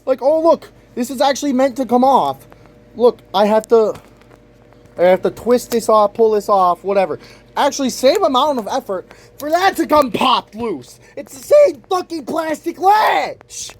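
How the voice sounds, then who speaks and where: A young man, a student vlogger, ranting to the camera in exasperation, swearing constantly and breaking into shouts. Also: very high-pitched, expressive, normal speed. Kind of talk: profane rant to camera.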